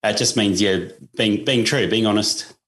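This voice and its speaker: A laid-back Australian man with a low, deep voice and a broad Australian accent, talking from home as a podcast guest. He has a slight tickle in his throat. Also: normal speed. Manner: relaxed, easygoing, laid-back. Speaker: guest, lawn care business owner. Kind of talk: casual interview chat.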